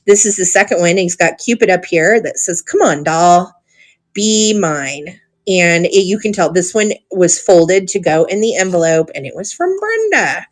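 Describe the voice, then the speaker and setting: A woman hosting a live online auction stream, chatty and gushing, with frequent ums as she shows items. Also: fairly low pitch. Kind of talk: live sale stream chat.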